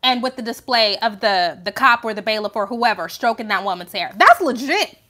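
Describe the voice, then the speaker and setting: Bright, high-pitched passionate woman. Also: expressive, moderate pace. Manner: passionate, emphatic, conversational with rhetorical questions. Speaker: host. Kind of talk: live video commentary.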